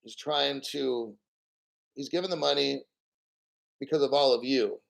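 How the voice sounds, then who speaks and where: A hoarse man hosting a livestream, talking in a blunt, profane, rambling way and clearing his throat often. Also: mid-range voice, measured pace, fairly bright tone, poor audio. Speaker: livestream host. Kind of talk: casual livestream talk.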